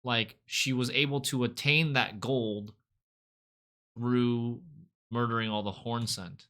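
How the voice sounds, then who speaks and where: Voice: mid-range voice, fairly even intonation, slow pace, pushed and bright. A streamer reacting on a live stream, thinking aloud and asking unsure questions about the game's story.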